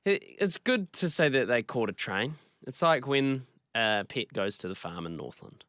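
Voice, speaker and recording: A playful New Zealand man co-hosting radio, joking in a mock-serious way. His voice is smooth and clear, with a lively pitch, recorded close and dry. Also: normal speed, no room sound. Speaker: radio host. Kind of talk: casual banter. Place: radio studio.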